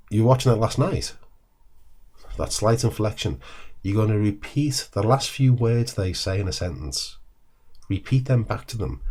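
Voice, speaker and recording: Husky low-voiced man teaching. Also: a little mellow. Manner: conversational, often checks in with "all right?". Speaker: counselling skills teacher. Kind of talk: direct-to-camera teaching talk.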